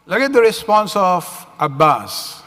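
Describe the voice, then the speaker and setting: A man's voice: sits high, big pitch swings, slow, bright, forceful tone. A man giving a religious lecture at a community center, telling a story with frequent "you know" and "uh" fillers. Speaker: religious speaker. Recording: reverberant hall.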